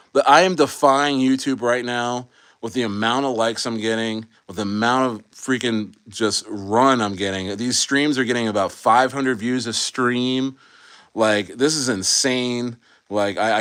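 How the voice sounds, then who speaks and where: A man from the United States chatting casually on his livestream at an everyday mid pitch. He rambles, restarts his sentences and swears freely as he talks to his viewers. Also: fairly bright tone, dry recording, clean studio sound. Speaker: livestream host.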